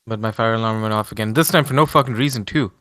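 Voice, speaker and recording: A college-age man co-hosting a casual podcast, making dry, deadpan quips. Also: fairly low pitch, quick pace, no room sound. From Pacific US. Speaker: podcast co-host.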